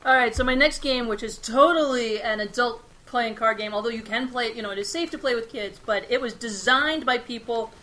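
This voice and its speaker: A woman's voice: on the high side, a little fast, hardly any pauses, sharp tone. A woman co-hosting a casual chat about board games, upbeat and chatty as she introduces games. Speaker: podcast co-host.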